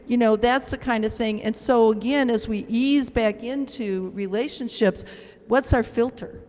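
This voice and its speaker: A woman's voice: fairly high pitch, a little slow, darkish tone, big-room sound. A woman from Chicago on a discussion panel who talks reflectively and poses rhetorical questions. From Chicago, United States.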